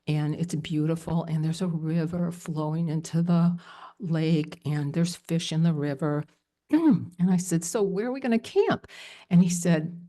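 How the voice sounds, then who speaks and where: A woman telling a personal story at a live storytelling event, animated and emotional, with many fillers. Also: low voice, unhurried.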